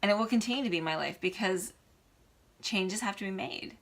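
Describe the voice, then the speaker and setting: Speaking a little fast in a medium-pitched voice, a vlogger offers her viewers heartfelt, emotional encouragement in an earnest motivational talk.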